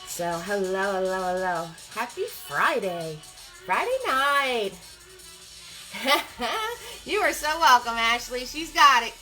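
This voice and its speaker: A woman's voice: on the high side, lively intonation, takes it slowly, pushed and bright, soft background music, rough recording. A woman hosting a live-streamed painting class, upbeat and greeting viewers by name as they join.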